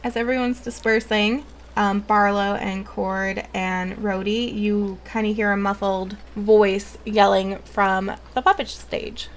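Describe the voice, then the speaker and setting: A woman's voice: mid-range voice, fairly even intonation, slow pace, few pauses, slight background noise. A woman running a tabletop game as game master, casual and a bit hesitant.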